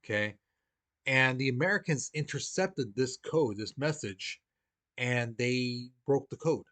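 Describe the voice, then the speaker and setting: A man's voice: mid-range voice, expressive, measured pace, a bit bright. Casual male history teacher. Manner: casual and conversational, acts out quoted voices. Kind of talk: recorded history lesson.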